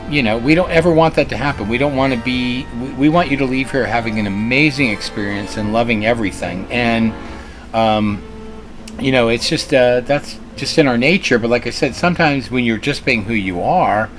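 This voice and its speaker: Earnest storytelling man. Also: medium pitch. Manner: earnest storyteller, many fillers and restarts. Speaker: restaurant co-owner. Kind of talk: casual interview chat.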